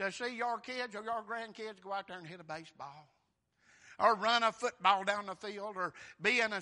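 A male pastor preaching a sermon, swinging from quiet asides to shouted praise and calling out to the congregation. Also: high voice.

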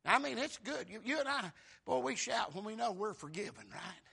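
A man, preaching a fervent sermon that keeps bursting into shouts. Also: high voice, expressive, normal speed, creaky, husky.

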